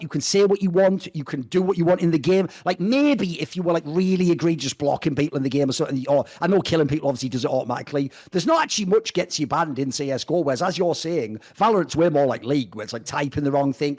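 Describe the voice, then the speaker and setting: A man holding forth on a casual podcast, blunt and emphatic, quick to swear. His voice sits a little high for a man and rattles along at a rapid clip. The delivery is loose and opinionated throughout. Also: animated, darkish tone. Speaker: podcast co-host.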